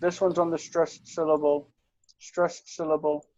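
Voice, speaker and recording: A man's voice: a little high, little pitch movement, measured pace, darkish tone, lo-fi sound. A man tutoring one student in biblical language, patiently correcting pronunciation and explaining accents with short affirmations. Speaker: Hebrew and Aramaic tutor.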